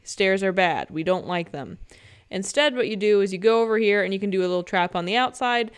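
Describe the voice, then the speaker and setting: Young woman, smooth clear voice, chatty game guide, playful joking asides. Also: medium pitch, brisk. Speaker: gaming guide creator. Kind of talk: casual game tutorial commentary. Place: home.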